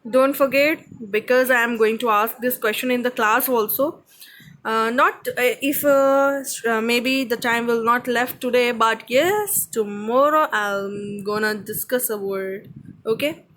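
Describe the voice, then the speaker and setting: A woman's voice: fairly high pitch, measured pace, fairly bright tone, poor audio. Indian English teacher woman, patient. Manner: explains patiently, repeats points, checks with "okay?". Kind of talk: grammar lesson to students.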